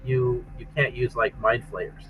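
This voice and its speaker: A man's voice: medium pitch, a little slow, noisy background. A man running a tabletop game, chatting casually and restarting and repeating words as he goes. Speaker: game master and game designer. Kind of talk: casual chat between tabletop players.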